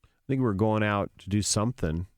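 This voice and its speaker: A man's voice: lowish voice, fast talker, no echo, clean studio sound. A man guest on a podcast, telling stories casually and acting out sounds and quotes. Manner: animated, acts out sounds and quotes. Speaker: rock musician guest. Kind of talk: casual storytelling interview.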